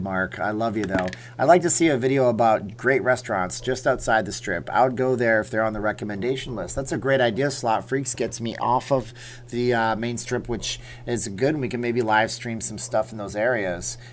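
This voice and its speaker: A man's voice: fairly low pitch, a little hiss or hum. A man hosting a casual livestream from home, rambling and reading viewer comments aloud. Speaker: livestream host.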